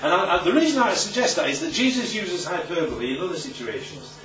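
Delivering sermon-style Bible teaching, a man preaches with emphatic energy in an animated, swooping voice pitched a little high, repeatedly prodding his live audience with quick rhetorical questions. He's recorded from afar in an echoey room, so the sound comes through somewhat muffled.

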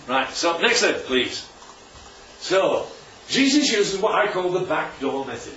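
A man's voice: on the high side, very animated, a little slow, fairly bright tone, slight background noise. A man preaching a sermon in a chatty way, often asking the room questions. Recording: echoey hall from far off, dull.

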